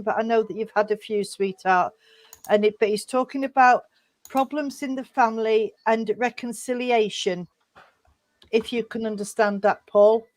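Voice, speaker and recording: Halting woman medium calling people sweetheart. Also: a little high. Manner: halting, full of fillers and restarts, calls people sweetheart. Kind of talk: mediumship demonstration.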